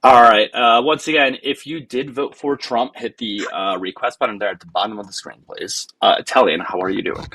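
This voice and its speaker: A man hosting a live debate stream, blunt and quick to cut callers off. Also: medium pitch, fairly bright tone, slightly rough. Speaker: livestream host.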